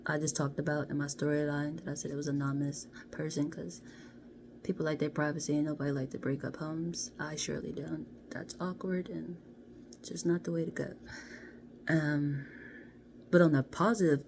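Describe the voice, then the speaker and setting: A woman doing a casual card reading to camera, chatty and playful, often dropping into soft half-whispers. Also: deep voice. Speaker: card reader. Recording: steady background noise.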